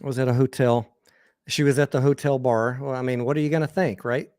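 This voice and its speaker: A man's voice: mid-range voice, steady tone, fast, darkish tone, smooth, no room sound, clean studio sound. A man with an American accent hosting a livestream, telling crude, rambling personal anecdotes in a candid, casual way with frequent restarts. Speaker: host.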